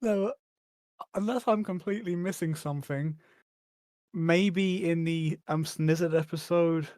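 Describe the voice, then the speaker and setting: A podcast co-host in casual chat, low-key and dry, repeating jokes back in a slow deadpan. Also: no room sound.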